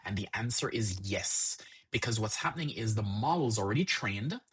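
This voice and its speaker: Host, male, husky, rambling live-stream teacher who answers chat as he goes. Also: fairly low pitch, animated, normal speed, a bit bright. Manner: rambling, repeats "actually" and "so", explains with examples.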